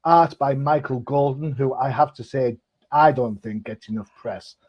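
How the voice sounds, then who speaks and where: A man's voice: mid-range voice, moderate pace, slightly rough. Chatty man on a dull lo-fi line. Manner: chatty, jokey, lots of ums. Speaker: comic podcast co-host. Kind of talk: casual chat.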